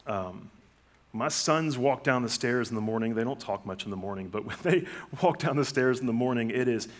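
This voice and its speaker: A middle-aged man preaching a sermon in a relaxed, conversational way, telling family stories and acting out what people say. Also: medium pitch, moderate pace. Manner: conversational storytelling with lively acted-out quotes. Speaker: pastor.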